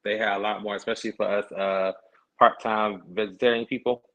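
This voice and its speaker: A man's voice: on the low side, level tone, a little fast, a bit bright. Sassy chatty man, lo-fi stream. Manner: sassy, chatty, slangy asides. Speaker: podcast host. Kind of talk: casual livestream chat. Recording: dull lo-fi stream audio.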